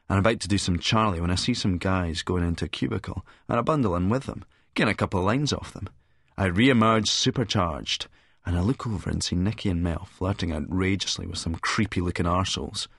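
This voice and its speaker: A man's voice: deep voice, no room sound, studio quality. A man narrating a first-person audiobook in a sardonic, crude, cocky manner.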